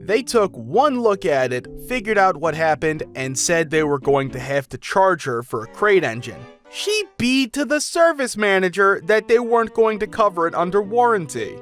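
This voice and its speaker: A man reading out customer stories in an even storytelling manner. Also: sits high, moderate pace, few pauses. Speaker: narrator. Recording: faint music behind.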